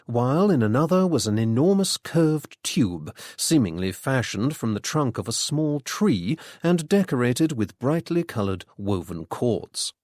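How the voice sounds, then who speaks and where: A male audiobook narrator with a middling pitch, reading in a measured, even way. The recording is close and dry, with no room sound. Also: no room sound. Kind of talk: scripted storybook narration.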